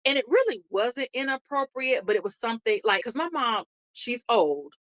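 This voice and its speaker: A woman's voice: on the high side, very animated, moderate pace, fairly bright tone, no room sound. A woman co-hosting a podcast, telling a family story in casual chat and acting out the people she quotes. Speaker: podcast co-host.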